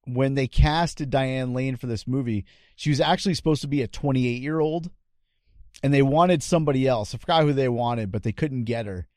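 In clean, dry studio sound, a podcast host with a medium-pitched, slightly mellow voice talks at a moderate pace. He tells stories about retro game shows in casual banter, laughing a lot along the way.

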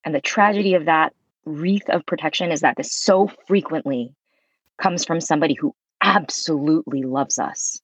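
A woman's voice: sits low, normal speed, husky, no room sound, low-quality recording. A woman voice coach speaking earnestly and reflectively in an interview, with a spiritual bent. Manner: earnest, spiritual, expressive, laughs fully. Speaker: voice coach, guest.

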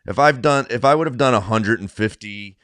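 A man's voice: medium pitch, fairly quick, fairly bright tone, dry recording, clean studio sound. A man hosting an interview podcast, asking questions and restarting his sentences as he thinks. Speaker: podcast host. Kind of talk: interview conversation.

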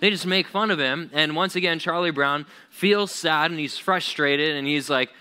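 Bright-voiced chatty young youth pastor. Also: male voice, a little high, moderate pace, few pauses, clear, resonant tone. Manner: loose and chatty, many "like"s, acts out quotes. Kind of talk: casual youth sermon.

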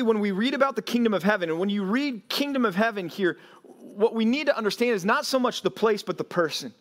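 A man's voice: high voice, a bit bright. A man preaching a sermon as pastor, telling stories and acting out quotes, with frequent "right?" asides to his listeners.

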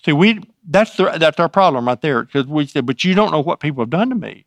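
A man's voice: fairly high pitch, animated, a little fast, no room sound. A man preaching a sermon, reading scripture aloud and then explaining it in a conversational way with frequent restarts. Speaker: pastor.

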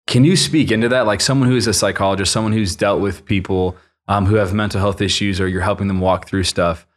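A male podcast host with a fairly low voice leads a relaxed conversation. He sounds upbeat and friendly, and he fills his questions with casual "like"s. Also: fast.

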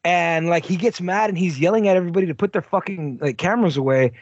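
A man's voice: sits high, fast, no room sound, highs cut off. A man co-hosting a casual movie podcast, talking bluntly with lots of swearing and "like.". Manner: blunt, profane, heavy use of "like". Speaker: podcast co-host.

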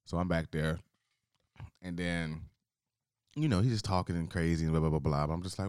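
Deep-voiced man telling a story casually. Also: a little fast, pauses often, darkish tone, clear, resonant tone, dry recording, clean studio sound. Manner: laid-back, profane, rambling. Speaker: podcast co-host.

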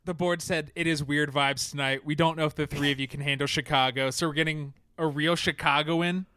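A man's voice: a little high, steady tone, brisk, sharp tone, clear, resonant tone, no echo, studio quality. A man hosting a podcast in casual chat, with playful announcer bits. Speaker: podcast host.

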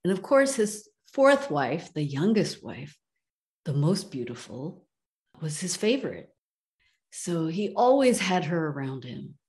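A woman telling a parable to listeners in an unhurried, conversational way. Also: lowish voice, very animated, darkish tone. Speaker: storyteller.

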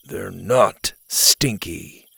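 A man voicing a deadpan young boy in a storybook who speaks in a flat monotone. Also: mid-range voice, slow pace, vocal fry, slightly rough, no room sound, studio quality, heavily acted.

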